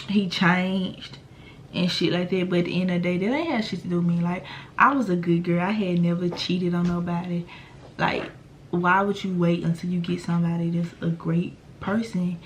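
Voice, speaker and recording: A woman's voice: on the low side, moderate pace, a bit bright, slight background noise. A young adult woman telling a personal story to her viewers in a casual, slangy, profane way. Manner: addresses viewers directly. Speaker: vlogger.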